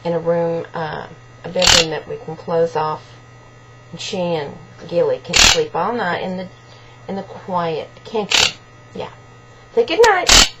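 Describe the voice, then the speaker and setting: A woman's voice: fairly low pitch, steady tone, unhurried, over loud music, poor audio. A woman at home making a video of her pet parrot, talking to it in affectionate, cooing baby-talk. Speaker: pet owner. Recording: loud hum and buzzing noise behind.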